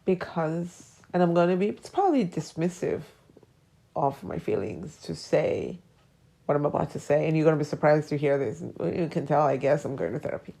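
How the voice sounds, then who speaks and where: A woman's voice: low voice, animated, normal speed, gravelly, mellow. A woman in her forties hosting a podcast, talking through personal memories in a hesitant, reflective way that sometimes drops to a whisper. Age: 40s. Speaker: podcast host.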